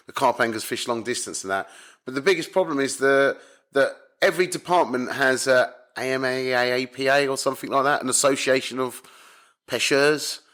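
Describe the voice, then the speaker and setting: A man, a carp angler from the UK, telling stories as a podcast guest in a blunt, animated way, swearing often. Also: medium pitch. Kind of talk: casual storytelling chat. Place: home in Spain.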